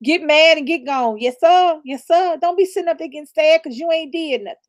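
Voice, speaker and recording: A woman's voice: high voice, fairly quick, no echo, clean studio sound. A woman giving blunt, profane relationship advice in a casual live chat, laughing often. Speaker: livestream co-host.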